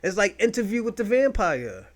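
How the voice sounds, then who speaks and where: A man hosting a podcast, talking in loud, rambling, mocking rants full of profanity. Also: high-pitched, very animated, normal speed. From United States. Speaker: podcast host. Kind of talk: profane casual commentary.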